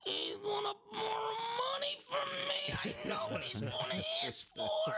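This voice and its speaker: A man putting on the voice of an anxious middle-aged man who frets about being asked for money, in a strained, squeaky tone. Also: fairly even intonation, a little slow, creaky, loud music behind the voice, full character voice. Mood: worried.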